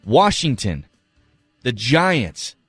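A man's voice: mid-range voice, very animated, drawn-out words, a bit bright, husky, no room sound, soft background music. A man co-hosting a sports talk show, giving earnest, emphatic analysis and repeating his points for stress. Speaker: sports radio co-host.

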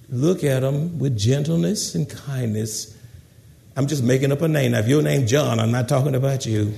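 A man preaching a sermon in an animated way, acting out gossiping people. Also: mid-range voice, normal speed, creaky. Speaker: pastor.

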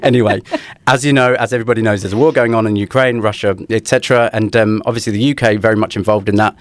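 A man's voice: fairly low pitch, fairly even intonation, dry recording. A man, co-hosting a podcast in casual chat, with dry jokes. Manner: dry, joking, quick delivery. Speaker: podcast co-host.

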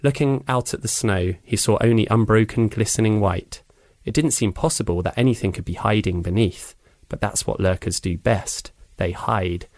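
A man narrating a children's adventure book with measured, dramatic pacing. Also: lowish voice, a little mellow, no echo. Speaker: audiobook reader. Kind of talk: storybook narration.

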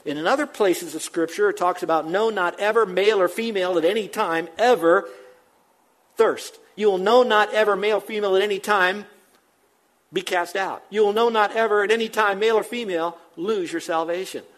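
An older man preaching a sermon, emphatic, rattling off repeated words quickly and then dropping to a hush. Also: high voice. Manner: emphatic, with fast repeated phrases and sudden drops to a hush. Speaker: pastor.

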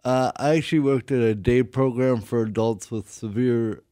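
A man co-hosting a casual chat, joking and teasing with quick interjections. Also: medium pitch, fairly even intonation, dark tone, dry recording, clean studio sound.

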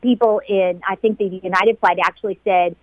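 A woman who was a flight attendant, being interviewed about a painful day. She talks in a halting, emotional way and often repeats herself. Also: mid-range voice, steady tone, no room sound. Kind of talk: emotional personal recollection. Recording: dull lo-fi sound.

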